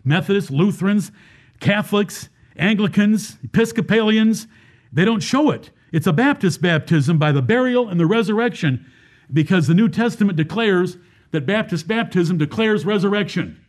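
A man's voice: sits high, lively intonation, normal speed. A man preaching a Baptist sermon, asking the congregation rhetorical questions and explaining scripture verse by verse.

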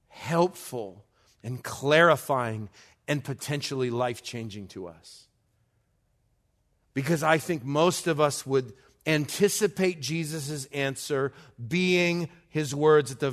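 A man preaching a sermon as pastor, slow and deliberate, building to loud urgency in a church. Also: on the high side.

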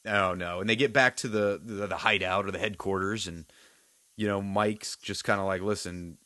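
A man's voice: on the low side, moderate pace, no room sound. A man co-hosting a casual chat, recapping a TV episode and acting out lines from it. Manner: relaxed, acts out character quotes. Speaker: podcast co-host.

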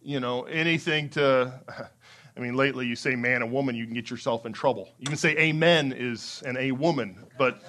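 A man preaching a sermon as pastor, conversational with small laughs, acting out excited quotes in a lively way. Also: normal speed. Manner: animated, acts out excited quotes with rising pitch.

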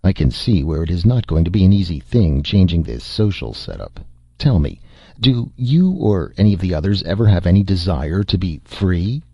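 A wry, resourceful male adventurer, as a narrator plays him, in an audiobook, his delivery dry and sardonic. The voice is deep and dark with a husky edge and a lively melody. The recording is dry and a little muffled. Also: normal speed, no room sound, exaggerated voice. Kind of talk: audiobook character voice.

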